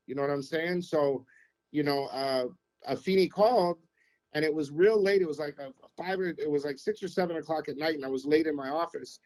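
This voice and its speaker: A middle-aged man, a former radio programmer, telling anecdotes on a podcast in an animated, casual way. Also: on the high side, brisk, rough recording. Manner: animated anecdote-telling, acts out quotes, keeps saying "you know what I mean". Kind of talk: casual storytelling.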